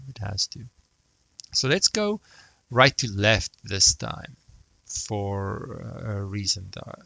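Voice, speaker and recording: A man's voice: fairly low pitch, creaky, pushed and bright, no echo, rough recording. A man teaching math, thinking aloud and muttering to himself as he sketches a graph. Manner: self-talk, mutters, jokes about praising himself.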